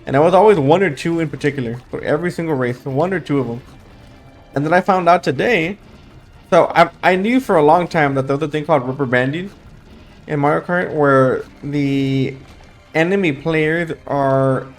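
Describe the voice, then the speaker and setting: A man's voice: on the high side, moderate pace, faint music behind. A young man with a dry throat and a sleepy late-night voice, chatting casually while playing a game and rambling through his thoughts with fillers. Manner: rambling, thinks aloud with fillers and restarts. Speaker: gaming YouTuber. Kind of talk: casual gameplay commentary.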